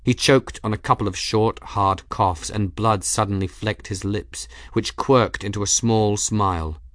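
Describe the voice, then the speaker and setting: A man reading a fantasy audiobook in a steady, dramatic storytelling manner. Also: lowish voice, measured pace, no room sound, studio quality. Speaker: audiobook narrator. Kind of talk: scripted fantasy narration.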